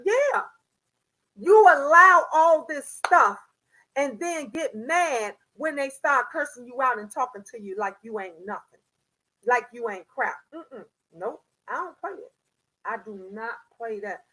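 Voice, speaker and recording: High-voiced older woman scolding on a livestream. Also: low-quality recording. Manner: animated, scolding, slangy storytelling. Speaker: live-stream host. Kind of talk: live-stream chat with viewers.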